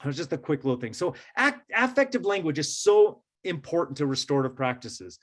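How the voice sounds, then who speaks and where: A man's voice: on the high side, big pitch swings, fairly quick. Chatty man leading a teacher workshop. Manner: conversational, many fillers and "right?" check-ins. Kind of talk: casual presentation to educators.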